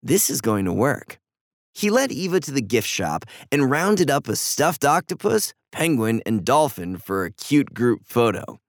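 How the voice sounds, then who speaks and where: A man narrating a children's story in a middle-pitched, gravelly voice that moves freely up and down. The sound is dry and close, with no room around it. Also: sing-song, a little slow, hardly any pauses, no echo.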